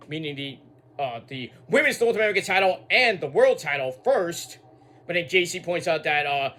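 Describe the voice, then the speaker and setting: A man's voice: high-pitched, very animated, normal speed, fairly bright tone. A man giving a casual recap of a show. He rambles, repeats words, makes asides and swears freely. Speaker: wrestling show reviewer.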